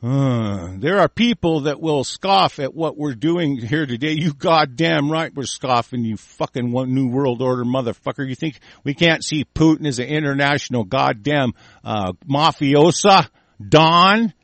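A man hosting a small talk radio show, ranting with constant swearing, swinging between low muttering and angry bursts. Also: expressive, unhurried, no room sound. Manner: profane, shouting in bursts, mumbling asides. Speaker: radio host.

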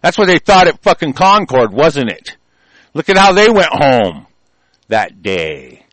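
A radio host rants with raw anger, swearing constantly and raising his voice into heated outbursts. His voice sits a bit high for a man. The sound is dry and close, with no room around it. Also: sing-song, a little slow, no echo. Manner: angry, cursing, loud and heated. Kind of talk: profane talk-radio rant.

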